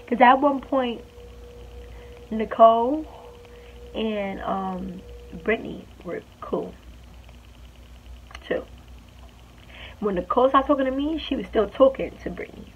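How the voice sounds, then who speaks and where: A woman's voice: sits high, gravelly. Young woman vlogging, dull lo-fi sound. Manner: emphatic, indignant storytelling. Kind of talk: storytime vlog. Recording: dull lo-fi audio with faint hiss.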